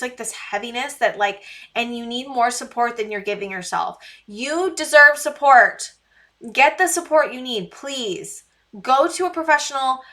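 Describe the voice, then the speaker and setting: Woman tarot reader, fairly high and bright, earnest and pleading, repeats herself, lots of fillers. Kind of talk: casual tarot reading to camera.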